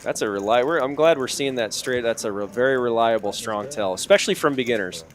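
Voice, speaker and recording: Joking poker commentator with lively pitch. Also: male voice, fairly quick. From Minnesota. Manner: joking, explanatory, laughs often. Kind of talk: casual live poker commentary. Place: commentary booth at a poker room. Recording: busy crowd noise behind.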